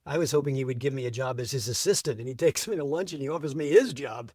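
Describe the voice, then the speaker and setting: A man's voice: medium pitch, fast, darkish tone, no echo. Man, middle-aged, interview guest, enthusiastic storyteller, dry close sound.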